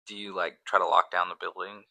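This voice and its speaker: A man's voice: deep voice, little pitch movement, a little fast, creaky, pushed and bright. A young man co-hosting a podcast in casual chat, posing silly hypotheticals in a playful way and laughing often. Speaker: podcast co-host.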